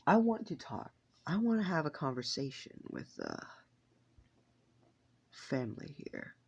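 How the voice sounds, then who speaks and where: A man voicing a blunt, unsettling young man who speaks calmly and matter-of-factly, with light swearing. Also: a little high, a little slow, gravelly, slightly rough, lo-fi sound, voice pushed up, exaggerated voice. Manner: calm, matter-of-fact, lightly profane.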